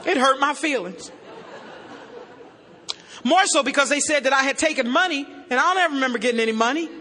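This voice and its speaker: Brief: woman, high and very bright voice, folksy self-mocking testimony, long hall reverb. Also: a little fast, a little hiss or hum. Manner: folksy, self-mocking storyteller who addresses the crowd directly. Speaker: recovery meeting speaker. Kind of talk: humorous personal testimony to a crowd.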